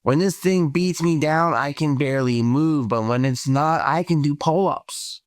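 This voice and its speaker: Slow, rambling man in a dry clip. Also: on the high side, no room sound. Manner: rambling, asks questions over and over. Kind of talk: rambling solo video monologue.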